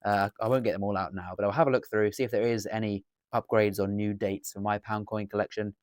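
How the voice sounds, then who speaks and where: A man's voice: lowish voice, steady tone, fast, darkish tone, clear, resonant tone, no echo, studio quality. An English man chatting through a coin unboxing as a dealer, rambling and correcting himself as he goes. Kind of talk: casual unboxing commentary. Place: indoors at a table.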